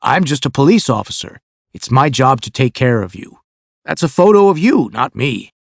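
A man's voice: medium pitch, sing-song, moderate pace, vocal fry, no room sound, studio quality. A man voicing a tall, strong young police officer who speaks modestly and respectfully.

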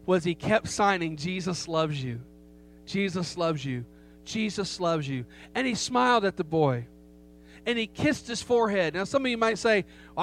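A middle-aged man preaching a sermon, telling a story with emphasis and rhetorical questions to the congregation. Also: sits high. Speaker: pastor. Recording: faint hum behind the voice.

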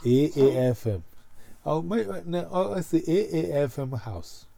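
Rambling Ghanaian man, dark voice. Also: a little high, a little slow, gravelly, no room sound. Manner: rambling, animated, full of fillers. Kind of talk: casual chat mixing pidgin and Twi.

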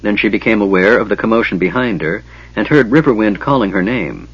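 A man reading an audiobook in measured, storytelling narration, on a slightly dull recording. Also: fairly low pitch, lively intonation, a bit bright, slightly rough, dry recording. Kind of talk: scripted narration.

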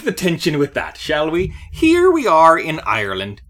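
A man's voice: on the high side, huge pitch swings, moderate pace, few pauses, a bit bright. A man co-hosting a comedy podcast, talking in a playful, jokey way and often tripping over his words. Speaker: podcast co-host. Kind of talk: casual comedic chat.

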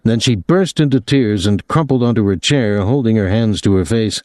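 A man reading an audiobook novel in steady, measured scripted narration. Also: fairly low pitch, no room sound, studio quality.

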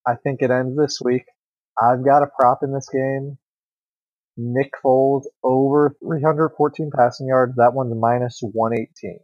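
A man's voice: mid-range voice, steady tone, a little slow, darkish tone, dry recording. A man co-hosting a sports betting show who lays out his picks in a matter-of-fact way. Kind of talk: casual sports betting talk. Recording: dull, dry lo-fi sound.

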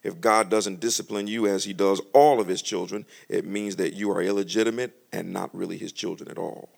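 A man preaching a sermon as pastor, joking between slow, emphatic scripture readings. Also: low voice, vocal fry. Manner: lively, humorous preaching, reads scripture slowly and loudly.

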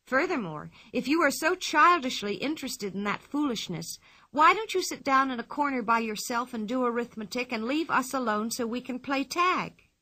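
Woman doing a brash headstrong little girl, storybook voice, high and bright, dry sound. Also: lively intonation, normal speed, no echo, exaggerated voice. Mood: cheeky. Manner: brash and indignant. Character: bold, cheeky, headstrong young girl. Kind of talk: storybook reading.

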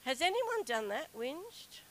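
A middle-aged woman telling a personal story to an audience in a chatty, animated way. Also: slow pace, poor audio. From Australia. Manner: chatty, animated, acts out quoted whining in a high voice. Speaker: speaker telling a story to a group.

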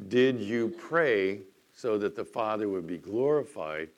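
A man preaching a sermon as pastor, swinging between quiet, earnest stretches and loud, emphatic bursts, often acting out the objections of doubters. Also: medium pitch.

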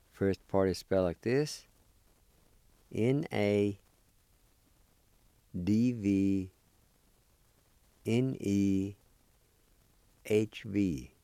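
A man's voice: lowish voice, vocal fry, warm tone, smooth, no room sound. A man teaching a language on the radio, patiently spelling words letter by letter and repeating each syllable. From Oklahoma, United States. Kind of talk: slow language lesson, spelling and pronouncing words.

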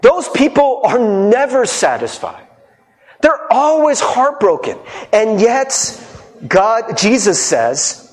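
A male pastor giving a sermon in a conversational, animated way, often mimicking people and laughing. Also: very high voice, slow.

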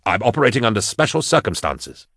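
A man's voice: on the low side, sing-song, fast, a bit bright, no room sound, studio quality, voice pushed up. A man voicing a deluded, stubborn male ex-inquisitor in an audiobook, speaking with haughty indignation. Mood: haughty, indignant. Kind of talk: audiobook character voice.

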